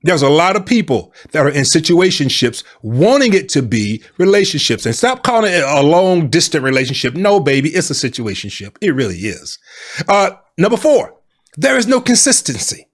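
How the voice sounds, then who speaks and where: A man giving dating advice in a lively, colloquial, preaching style, acting out little quoted exchanges and calling listeners baby and boo. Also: a little high, normal speed. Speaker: life and love coach.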